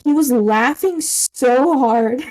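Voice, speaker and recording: A young woman co-hosting a podcast, chatting in a relaxed, rambling way and laughing along. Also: high voice, slow. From Canada. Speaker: podcast co-host. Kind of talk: casual chat.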